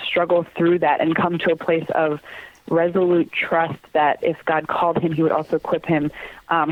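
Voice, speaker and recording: A woman in her thirties, a guest in an interview, talking earnestly and warmly about her work and family, laughing often and acting out what others said. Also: lowish voice. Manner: earnest and animated, laughs often, acts out quoted voices. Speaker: guest, theater company communications manager. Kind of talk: casual interview chat. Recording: dry, tinny phone line.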